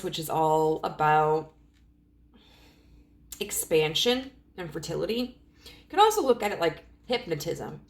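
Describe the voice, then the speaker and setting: A woman in her thirties gives a casual tarot reading, rambling with many fillers and often clearing her throat as her voice cracks. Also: sits low. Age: 30s. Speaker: tarot reader.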